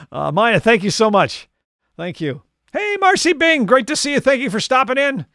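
A man hosting a live music stream croons songs in an extremely high, pushed and bright voice, chatting and rambling with viewers between numbers and laughing often. The recording is studio quality with no room sound.

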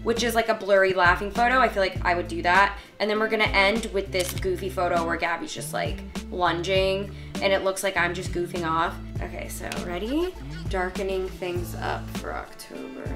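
A woman's voice: mid-range voice, lively intonation, moderate pace. A young woman chatting casually in a vlog, bubbly, full of fillers and casual swearing. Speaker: vlogger. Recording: echoey room with music.

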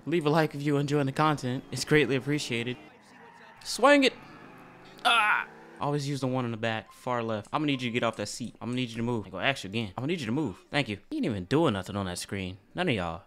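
A man giving casual, excitable gameplay commentary as a gaming YouTuber, often breaking into loud laughter. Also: medium pitch.

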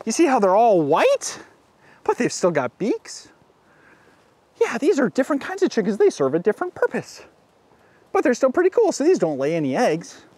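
A man with a bright, high voice presenting to small children outdoors by a farm pen. His pitch leaps up and down wildly as he gasps in excitement and sing-songs animal noises. He sounds like a kids' show host. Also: moderate pace, pauses often, slightly rough, dry recording.

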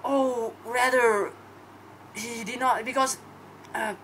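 A woman's voice: a little high, fairly even intonation, slow pace, a bit bright, a little hiss or hum. A young woman hosting a fan reaction video, gushing and exclaiming over and over.

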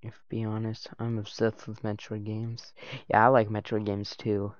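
A man's voice: fairly low pitch, monotone, moderate pace, no room sound, highs cut off. A man in a put-on British accent gives rambling let's-play commentary and talks to the enemies on screen. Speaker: gamer. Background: game music.

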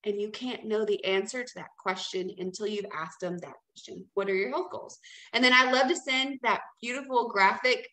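A woman's voice: medium pitch, sharp tone. Chatty encouraging woman in an echoey room. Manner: chatty, encouraging, checks in with "okay?". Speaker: team leader training new sellers. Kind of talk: casual training talk.

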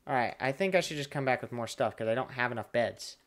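A man's voice: medium pitch, animated, fast. A man commentating his own gameplay casually, groaning and mocking himself over his mistakes. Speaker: gaming streamer. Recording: loud background noise and clicks.

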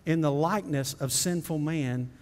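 A man preaching a sermon as pastor, folksy and direct with the congregation, building to impassioned high preaching. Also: normal speed, a little mellow, in a large hall. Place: church sanctuary.

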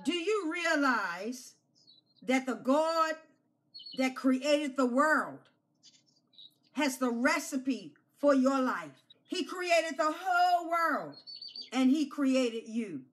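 Woman pastor, high bright voice, unhurried children's lesson with lots of repetition. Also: expressive. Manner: slow, emphatic, repeats key phrases; coaxes children to repeat after her.

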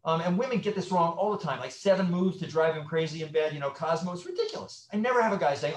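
Appearing as a guest sex therapist in a conversational interview, a middle-aged man talks fast with hardly any pauses, his higher voice swinging widely as he acts out little scenes and quotes. An animated storyteller, he restarts often, and the roomy sound echoes around him.

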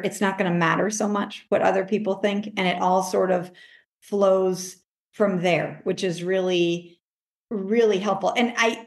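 A woman life coach talking in a casual interview, animated, acting out her own self-talk in a higher voice. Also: roomy sound. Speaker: life coach, podcast guest.

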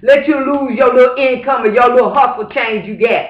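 A man's voice: extremely high pitch, a little fast, muffled recording. Man, casual vlog monologue, emphatic, rhetorical asides, roomy echo. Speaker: vlogger.

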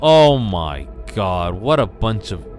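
Guy playing a game and talking slow, yelps and mutters, swoopy voice. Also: lowish voice, music in the background. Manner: excitable yelps and shouts between muttered asides. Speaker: gameplay commentator. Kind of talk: casual let's play commentary.

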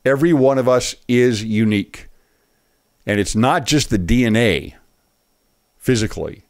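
A man giving earnest, emphatic commentary on a political speech clip, pausing it to preach his point. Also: mid-range voice. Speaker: online commentator.

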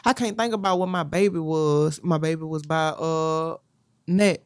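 A woman's voice: sits low, normal speed, a little mellow, no room sound, studio quality. A woman from Baton Rouge, a guest telling a hard personal story in a blunt, profane way, often checking in with the listener. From Baton Rouge, Louisiana. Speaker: guest musician.

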